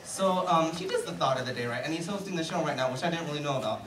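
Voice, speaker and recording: A fast-talking teenage boy, late teens, with a slightly high voice does stand-up in a school auditorium, chatty and self-deprecating with lots of fillers. His handheld mic on a stand is heard from afar. The hall echoes, the crowd is loud and laughing, and there's background noise.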